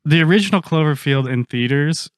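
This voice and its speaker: A man's voice: on the high side, lively intonation, brisk, no room sound, studio quality. A man co-hosting a podcast, telling stories in casual chat with a loose, swearing manner. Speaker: podcast co-host.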